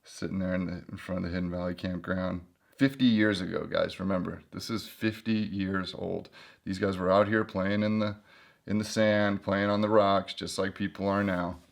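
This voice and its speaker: A man's voice: sits low, fairly even intonation, normal speed, gravelly. A man hosting a casual book review video, chatting and joking as he flips through an old guidebook.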